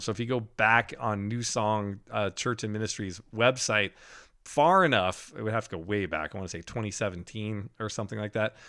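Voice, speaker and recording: A man with a voice of middling pitch recounts a personal spiritual experience on a faith podcast. He tells it casually and animatedly, with frequent laughs and self-corrections. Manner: animated storytelling with laughs and restarts. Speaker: podcast co-host.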